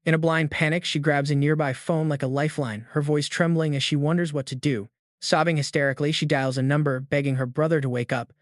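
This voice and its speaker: A man giving scripted narration of a story recap in an even, dramatic storytelling delivery. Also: on the high side, brisk, dry recording, studio quality.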